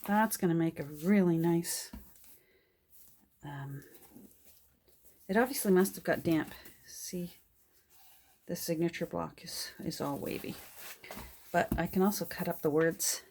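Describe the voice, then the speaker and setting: An older woman shows off her thrift haul in a casual, delighted show-and-tell, her voice fairly low and measured with frequent pauses. She often slips into soft whispers and gasps.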